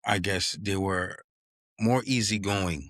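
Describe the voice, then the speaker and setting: A young man tells a story on his podcast with a fairly low voice. He is animated and jumps up in pitch whenever he acts out what his friends said. The sound is dry and close, with no room around it. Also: takes it slowly, no room sound. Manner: animated, acts out quotes in a raised voice, drops "yo" and "you know what I mean". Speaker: podcast host. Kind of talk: casual storytelling chat.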